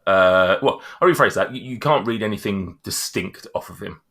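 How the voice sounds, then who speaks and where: A man narrating as game master, halting and full of fillers. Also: fairly low pitch, fairly bright tone.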